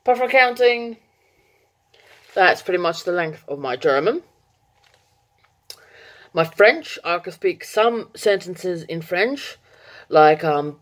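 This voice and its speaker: A woman talks casually to her viewers in a slightly low voice. She rambles with fillers and corrects herself. She laughs at her own slips. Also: animated, takes it slowly, long pauses. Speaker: vlogger. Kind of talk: casual chat to camera.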